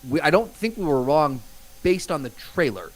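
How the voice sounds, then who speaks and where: A man co-hosting a podcast in casual chat, upbeat and quick to egg his partner on. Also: on the high side, very animated, rough recording. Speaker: podcast co-host.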